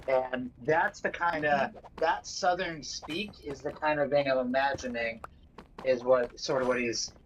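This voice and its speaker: A man's voice: mid-range voice, measured pace, fairly bright tone. A man from New England chatting casually on a gaming livestream, rambling with lots of fillers and restarts. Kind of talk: casual chat. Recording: dull lo-fi mic with faint noise.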